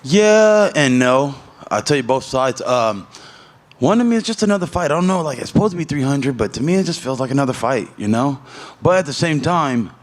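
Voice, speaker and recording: A middle-aged man at a media scrum, telling a story in a loose, profane, animated way. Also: mid-range voice, a little fast. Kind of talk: casual storytelling interview.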